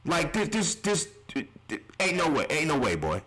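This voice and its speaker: A man's voice: a little high, huge pitch swings, moderate pace, fairly bright tone, rough recording. A man streaming live reactions, ranting in an exasperated, heavily profane way.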